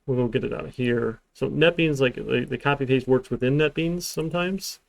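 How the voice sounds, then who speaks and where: A man's voice: medium pitch, fairly quick, creaky, a little hiss or hum. A man teaching a programming class in a live-streamed lecture, talking in a rambling way with dry, sarcastic asides. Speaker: programming instructor.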